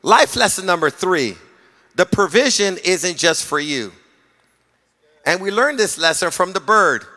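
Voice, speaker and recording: Middle-aged guy preaching, jokey storyteller, bright voice echoing round a big church. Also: high voice, a little slow. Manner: storytelling, animated, jokes with the congregation. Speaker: pastor. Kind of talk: sermon. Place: church sanctuary. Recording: long reverb of a hall.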